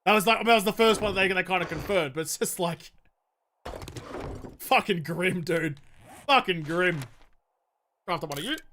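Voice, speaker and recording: A man's voice: high voice, normal speed, pauses often, sharp tone, a little hiss or hum. A young man chatting casually while streaming a game, swearing freely and answering viewer questions. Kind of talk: casual live-stream chat while gaming.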